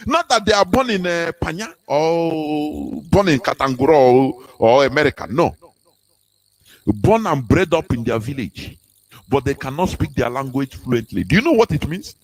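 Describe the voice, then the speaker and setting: A man with a somewhat high voice lectures fervently on a radio broadcast. He piles up rhetorical questions, repeats his words, and lets his pitch swing up in a sing-song way. The talk is impassioned and insistent. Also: animated, moderate pace, rough recording.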